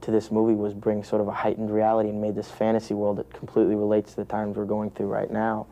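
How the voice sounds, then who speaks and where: A man's voice: fairly low pitch, completely flat delivery, fast talker, warm tone. A young American man, an actor, talking through an interview with many restarts and "you know" fillers. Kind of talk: press junket interview.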